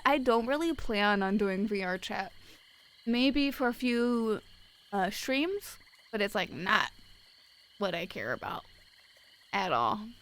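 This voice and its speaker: A woman's voice: fairly high pitch, sharp tone. A young woman streaming live, chatting casually and reading out viewers' messages in a blunt, wry way.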